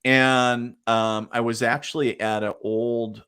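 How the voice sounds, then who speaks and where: Here a man speaks slowly in a clear, resonant, medium-pitched tone. Interviewed as a psychic medium, he relates stories in a relaxed way, acting out quotes and laughing often.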